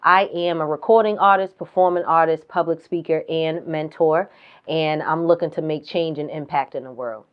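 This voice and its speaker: A woman from Boston, a recording artist and mentor, speaking calmly and earnestly. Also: low-pitched, normal speed, clean tone, lo-fi sound. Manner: calm, earnest and encouraging.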